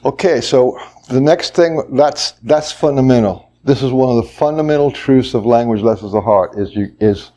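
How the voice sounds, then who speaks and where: Guy running a workshop, warm mellow tone, talks it through and acts out little voices. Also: mid-range voice. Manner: explains slowly, then acts out voices. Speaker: workshop leader. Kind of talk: workshop teaching. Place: workshop room.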